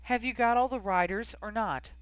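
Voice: medium pitch, normal speed, clear, resonant tone, no echo, voice pushed up, close to an everyday voice. A narrator doing a curt official woman. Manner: curt and businesslike. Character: brisk, dismissive official woman.

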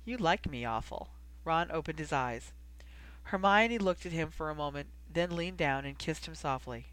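An audiobook reader narrating a story in a steady storytelling manner. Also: mid-range voice, normal speed, smooth, low-quality recording. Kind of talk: scripted narration.

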